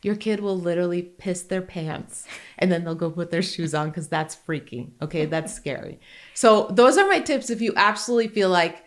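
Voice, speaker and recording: Animated joking woman podcast host. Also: fairly low pitch, normal speed. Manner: animated, joking and candid storytelling. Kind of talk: casual podcast chat.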